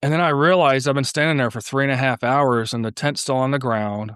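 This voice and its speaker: A man's voice: fairly quick, clean tone, dry recording, clean studio sound. A man, a podcast guest, telling stories in casual conversation and acting out what people said in a raised voice. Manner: animated storyteller, acts out quotes in a higher voice. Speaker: podcast guest, car YouTuber.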